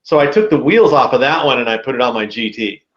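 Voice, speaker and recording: Animated man telling a story, roomy sound. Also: mid-range voice, fast, highs cut off. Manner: animated, slangy, says dude a lot. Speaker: podcast guest. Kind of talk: casual storytelling.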